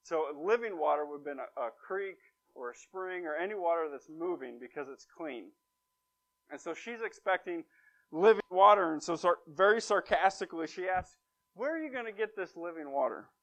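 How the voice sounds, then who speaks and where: A man's voice: a little high, moderate pace, gravelly, fairly bright tone. A man preaching a conversational sermon, retelling a story with wry, emphatic asides. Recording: dull lo-fi recording.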